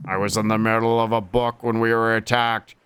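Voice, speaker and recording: A man's voice: on the low side, little pitch movement, brisk, a bit bright, slight background noise, voice pushed down, lightly acted. A man voicing an impatient, grumpy townsman in a video game. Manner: demanding and whiny. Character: impatient grumpy man who loves complaining.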